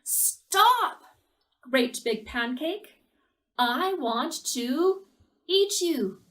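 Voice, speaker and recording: A woman voicing a hungry little girl in a children's story, in a high pleading voice. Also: animated, extremely slow, fairly bright tone, far from the mic, full character voice. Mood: demanding.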